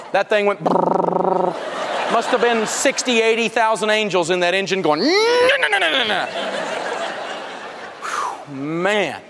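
High voiced guy doing a funny money seminar, laughs at his own stories, long echo like a big hall. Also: noisy background. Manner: animated storyteller, laughs through his jokes. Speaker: personal finance teacher and radio host. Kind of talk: humorous live seminar teaching.

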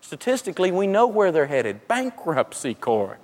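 In a funny, story-driven lesson for a live crowd, this high-voiced male seminar speaker impersonates ordinary people and keeps tripping over his words and starting sentences again. His pitch swings widely at a moderate pace with few pauses, and his tone is slightly mellow. A big hall's long echo rings around him, with a faint hiss or hum.

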